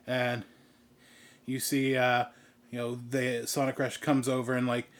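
A man's voice: medium pitch, monotone, measured pace. A man narrating a tabletop game as game master in loose, casual speech. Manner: loose, filler-heavy narration.

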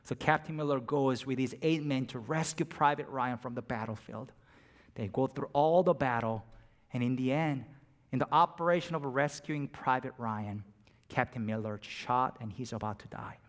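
Preacher swinging from hush to fervor. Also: male voice, medium pitch, normal speed. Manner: dynamic, drops to near-whispers and rises to emphatic peaks. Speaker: pastor. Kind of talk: sermon.

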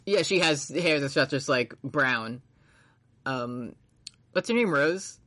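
A man's voice: mid-range voice, expressive, takes it slowly, bright, forceful tone. Rambling, swearing casual male podcaster. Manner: rambling, swears freely, laughs often, acts out characters' lines. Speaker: podcast co-host. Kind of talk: casual anime recap chat.

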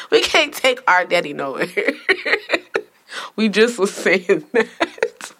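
A woman's voice: a little high, very animated, very slow, bright, forceful tone, breathy edge. A young woman hosting a casual podcast, teasing and laughing through the banter. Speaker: podcast host. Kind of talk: casual chat.

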